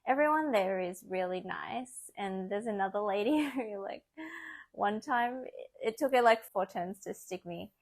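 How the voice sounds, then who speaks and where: A young woman, chatting casually in a vlog, animated and often laughing as she acts out what others said. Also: mid-range voice, a little slow. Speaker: vlogger.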